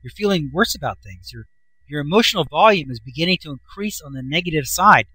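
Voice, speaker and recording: Folksy guy explaining stuff, really animated up and down, dry close mic. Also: fairly high pitch, fast talker, slightly rough, no echo, rough recording. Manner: folksy, enthusiastic, swings his voice up and down for emphasis. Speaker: self-help author. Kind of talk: casual explanatory talk.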